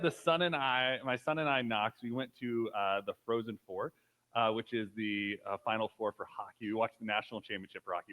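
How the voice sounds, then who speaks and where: A man's voice: lowish voice, a bit bright, rough recording. A man in his thirties giving a casual, conversational sermon, telling a personal story with frequent fillers. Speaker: pastor.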